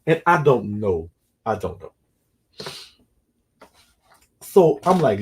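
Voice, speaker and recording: A man's voice: mid-range voice, big pitch swings, moderate pace, pauses often, darkish tone. A man casually telling a story from his own life in a rambling, digressive, slangy way. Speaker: storyteller recounting his own prison experiences.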